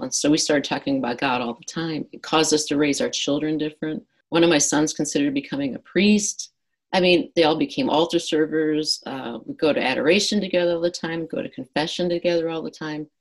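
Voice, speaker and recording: A middle-aged woman speaks with a deep, breathy-edged voice. She tells a personal story as an interview guest, earnestly reenacting her own past conversations. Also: a little fast, poor audio. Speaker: guest author.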